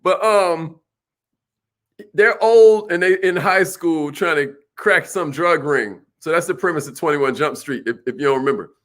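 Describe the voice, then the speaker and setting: High bright-voiced man coaching a crowd. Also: measured pace. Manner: animated, preacherly, calls out to the audience. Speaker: sales trainer. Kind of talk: motivational seminar talk.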